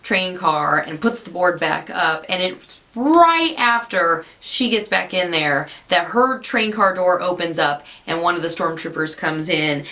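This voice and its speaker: A woman's voice: fairly low pitch, expressive, a little slow, sharp tone. A woman giving a casual, rambling recap of a TV episode, often interrupting herself as she retells it. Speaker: TV episode reviewer.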